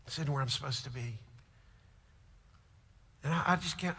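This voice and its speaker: Middle-aged man, pastor, sermon storyteller, forceful and gravelly, big reverberant church. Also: mid-range voice, normal speed, long pauses. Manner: storytelling, swings from hushed to shouting. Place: large church auditorium. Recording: long hall reverb.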